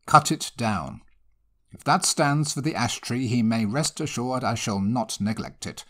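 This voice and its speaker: A man's voice: mid-range voice, measured pace, close to an everyday voice. A man voicing an impatient, commanding country squire who speaks brusquely.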